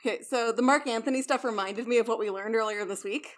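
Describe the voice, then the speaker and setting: A woman's voice: fairly high pitch, fast. A woman co-hosting a podcast, telling stories in casual chat with wry asides. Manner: chatty storyteller with wry asides. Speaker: podcast co-host.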